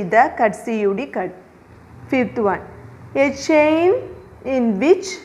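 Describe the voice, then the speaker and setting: Slow, letter-spelling woman teacher. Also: fairly high pitch, a little hiss or hum. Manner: slow, dictating answers and spelling words letter by letter. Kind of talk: recorded revision lesson.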